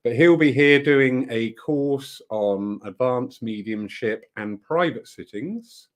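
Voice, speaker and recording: A man's voice: medium pitch, takes it slowly. A man giving a rambling, enthusiastic live update to viewers about upcoming events at his centre. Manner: warm, rambling, enthusiastic with frequent laughs. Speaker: spiritualist centre organiser.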